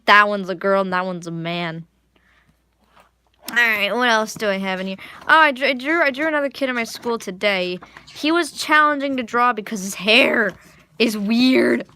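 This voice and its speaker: A woman's voice: on the high side, bright, forceful tone, slight background noise. Chatty girl rambling while drawing. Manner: rambling, self-mocking, restarts often. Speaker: art vlogger. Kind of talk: casual chat while drawing. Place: living room at home.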